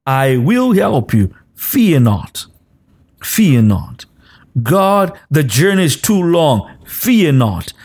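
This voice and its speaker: A man preaches in a slow, deliberate cadence, repeating short commands again and again. His pitch sits in an ordinary middle range and often lifts into a half-sung chant. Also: darkish tone, breathy edge. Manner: repetitive exhortation, rising into sung cadence; speaks in tongues between exhortations. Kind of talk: sermon.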